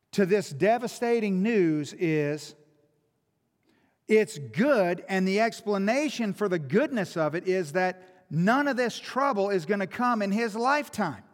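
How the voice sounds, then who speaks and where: A man preaching a sermon in a church, emphatic and full of rhetorical questions. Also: high voice. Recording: long hall reverb.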